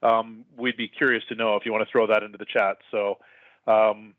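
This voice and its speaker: A man's voice: on the low side, flat delivery, brisk, no echo. A man co-hosting a meetup, talking casually and hesitantly with many fillers. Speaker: meetup co-host. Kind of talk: casual chat. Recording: dry tinny phone-like call audio.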